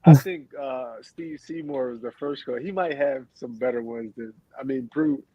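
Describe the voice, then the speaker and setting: A man's voice: mid-range voice, normal speed, dark tone, husky, dry recording, lo-fi sound. A man, a former basketball player, telling stories as a podcast guest and laughing often as he talks. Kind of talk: casual storytelling.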